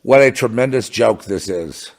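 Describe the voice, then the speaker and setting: A man's voice: on the low side, lively intonation, normal speed, creaky. A man delivering an impassioned religious monologue, fervent and sarcastic, with bursts of scornful laughter. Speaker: religious commentator.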